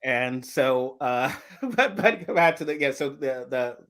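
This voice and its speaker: A man co-hosting a political live chat, animated and chatty. He slips into quoted voices and laughs through his own stories. His voice sits at an ordinary middle pitch. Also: measured pace. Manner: animated storyteller, acts out quoted voices, laughs mid-sentence.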